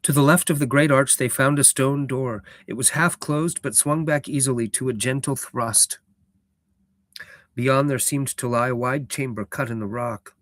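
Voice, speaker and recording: A man with a rough, roughened voice reading a book aloud and chatting casually on a live stream. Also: mid-range voice, steady tone, moderate pace, fairly bright tone, dry recording. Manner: chatty and self-deprecating, with fillers.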